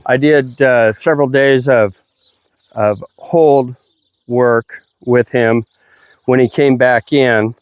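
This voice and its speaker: A middle-aged man, a dog trainer, explaining his methods outdoors while working a dog, breaking into high, playful praise for the animal. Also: takes it slowly, clean tone, no room sound. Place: outdoors at a kennel ranch.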